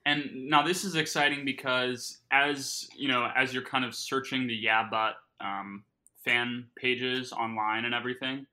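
Male podcast co-host, very bright sharp tone, rambling jokey delivery, talks with his mouth full. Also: mid-range voice, fairly even intonation, measured pace, a faint crowd, low-quality recording. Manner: joking, rambling, many fillers. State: talking while eating. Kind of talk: casual podcast banter.

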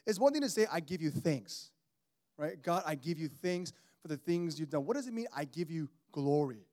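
A male pastor in his thirties delivers a sermon with a fairly high-pitched voice. He preaches in an animated, conversational manner and calls out to his congregation. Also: normal speed.

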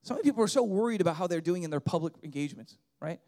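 A man with a strikingly high-pitched voice delivers a sermon as the congregation's pastor. He preaches with raw intensity and often rises to a shout. He keeps checking in with his listeners through quick "right?" asides. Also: animated. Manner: impassioned, often shouting, with frequent "right?" tags.

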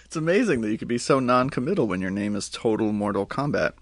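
A man's voice: lowish voice, expressive, fast, no echo. A man co-hosting a podcast in casual chat, dropping dry, wry quips. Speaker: podcast co-host.

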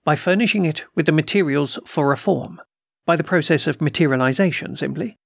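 A man reading as a composed doctor of the occult in a storybook recording, speaking quietly and deliberately. His voice is slightly raised and gravelly. The recording is dry and close. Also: a little high, no room sound. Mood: calm. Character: calm deliberate male occult doctor, measured. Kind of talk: audiobook character reading.

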